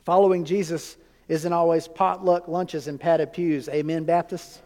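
A man's voice: on the high side, flat delivery, unhurried, warm tone. A man preaching a sermon as pastor, emphatic and conversational, asking his congregation rhetorical questions. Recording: long reverb of a large hall.

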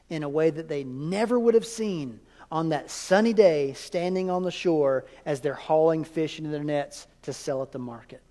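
A man's voice: on the high side, a little mellow. A man preaching a sermon as pastor, emphatic and conversational, asking his congregation rhetorical questions. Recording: long reverb of a large hall.

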